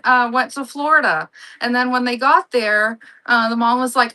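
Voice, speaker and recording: A woman's voice: a little high, steady tone, moderate pace, bright, forceful tone. A woman hosting a live online auction, chatting and gushing over her items as she rambles between sales. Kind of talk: casual live-selling chat.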